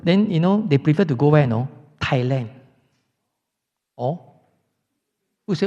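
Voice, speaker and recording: A Buddhist monk with a Singaporean English accent teaches a dharma class in a lecture hall, keeping it chatty and tossing rhetorical questions at his students. His fairly high, dark-toned voice has lively intonation, moves a little slowly, and pauses often. The hall recording is dull and lo-fi.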